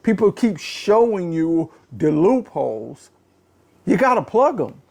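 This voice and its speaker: A man hosting a casual political talk show, ranting in an animated, exasperated way, often repeating phrases and swinging from low muttering to a raised voice. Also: takes it slowly, vocal fry. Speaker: podcast host. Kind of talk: casual political commentary rant.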